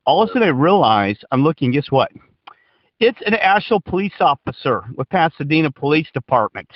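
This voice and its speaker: A man co-hosting a podcast, telling a story in a rambling, excitable way, cussing and talking over his partner. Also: on the high side, a little fast, no echo. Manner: rambling, excitable, cusses, keeps interrupting. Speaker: podcast co-host. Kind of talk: casual storytelling chat. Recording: dull lo-fi dry recording.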